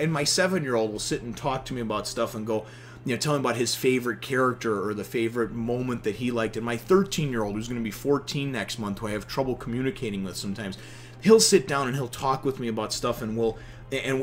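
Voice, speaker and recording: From his home office, a man in his thirties casually reviews a comic chapter. He's animated and emotional, swears now and then, and speaks at medium pitch.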